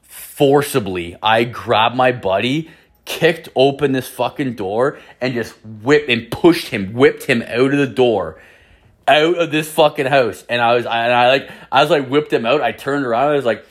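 A man's voice: medium pitch, moderate pace. A man from Canada hosting a solo podcast, telling a story in a rambling, heavily profane way, full of "like" and restarts. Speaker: podcast host.

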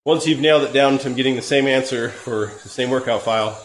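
A man with a cold, hosting a live cycling-training Q&A in a relaxed, rambling way with many fillers. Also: medium pitch, brisk. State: hoarse from a cold. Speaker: podcast host. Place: home room, riding an indoor trainer. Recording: echoey room with faint ambient noise.

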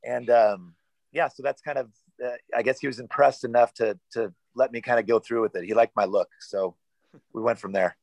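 A man's voice: mid-range voice, fairly even intonation, moderate pace, vocal fry, darkish tone, no room sound, poor audio. A man chatting as a podcast guest, rambling and self-deprecating with lots of fillers. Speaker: guest actor. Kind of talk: casual podcast chat.

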